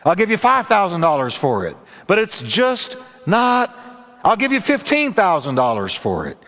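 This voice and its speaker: An insistent, pleading stranger, as a preacher puts him on, his voice riding high and swinging widely. The words hang in a long reverb. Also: huge pitch swings, normal speed, a bit bright, heavily acted. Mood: eager. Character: eager pushy male stranger buying a watch.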